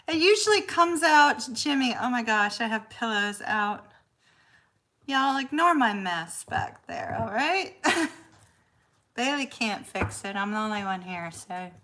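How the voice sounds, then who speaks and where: Bright-voiced woman chatting on a livestream. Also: high-pitched. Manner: chatty, greets viewers by name, laughs often. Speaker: tarot reader hosting a livestream. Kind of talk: casual livestream chat. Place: her apartment, indoors.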